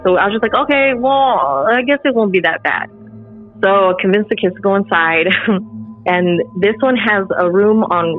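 A middle-aged woman, a podcast guest, telling a personal story casually and animatedly with lots of filler words. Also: fairly low pitch. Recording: phone-like call audio with faint music.

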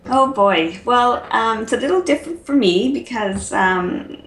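A woman in her forties, a guest on an interview, speaking in a measured way with frequent ums. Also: on the high side, lively intonation, a bit bright, a little hiss or hum. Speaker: guest, product creator. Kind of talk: casual interview chat. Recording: echoey room.

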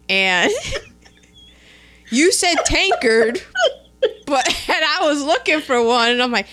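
A young woman co-hosts a casual podcast, recapping a film and playfully acting out its characters. Her pitch swoops about with lots of life, her tone is bright and sharp, and she takes her time. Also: takes it slowly, pauses often, a little hiss or hum. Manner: animated, laughs often, acts out quotes. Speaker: podcast co-host.

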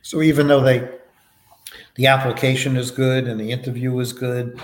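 A man as a podcast guest, answering interview questions in a relaxed, anecdotal way with many fillers. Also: medium pitch, moderate pace, roomy sound. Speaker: podcast guest, foundation vice president.

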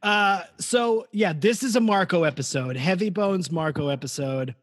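A man co-hosting a casual podcast chat over a video call, joking and reading out listener comments in an animated way. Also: high voice, normal speed. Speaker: podcast co-host.

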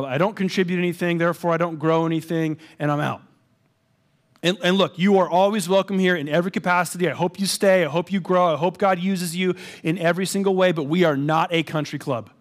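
A man preaching a sermon, with a high, lively voice. He tells a story in a casual, self-deprecating way, then turns to earnest exhortation. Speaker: pastor.

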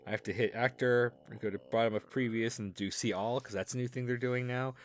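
A man's voice: mid-range voice, fairly even intonation, a little fast, slight background noise. A man co-hosting a podcast in casual banter, wry and teasing, muttering asides to himself. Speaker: podcast co-host.

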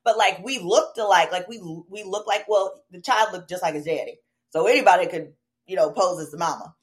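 A woman with a Southern American accent telling a personal story as a podcast guest, animated and profane, acting out quoted dialogue. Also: fairly low pitch, brisk. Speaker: podcast guest, attorney and comedian. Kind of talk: casual storytelling chat.

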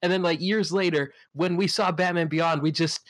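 A man's voice: on the high side, steady tone, normal speed, a bit bright. A man telling a rambling anecdote in a casual chat, chuckling as he goes. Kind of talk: casual storytelling.

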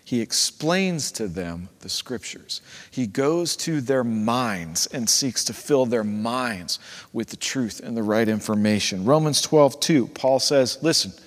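Animated preacher in a reverberant church. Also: male voice, mid-range voice, slow pace. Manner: conversational, animated preaching with acted-out quotes. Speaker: pastor. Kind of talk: sermon. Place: church sanctuary. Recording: long reverb of a church hall.

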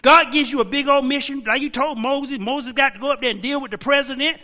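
A man in his sixties preaching a sermon as a pastor, telling stories and shouting out quoted lines. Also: very high-pitched, brisk, in a large hall, dull audio. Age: 60s.

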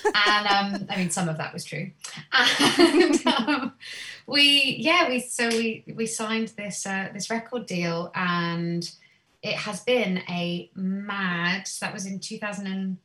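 A woman, a singer, telling stories from her career in a chatty, animated way with many "um"s. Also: mid-range voice, slow, distant mic, slight background noise. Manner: animated storyteller, many "um"s, laughs easily. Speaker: guest singer. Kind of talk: casual interview chat.

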